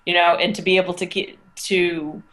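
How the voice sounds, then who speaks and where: A woman's voice: on the low side, level tone, moderate pace, a bit bright. A middle-aged woman, a teacher, talking through her experiences in a casual interview, thoughtful and full of restarts. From United States. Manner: thoughtful, storytelling, frequent restarts.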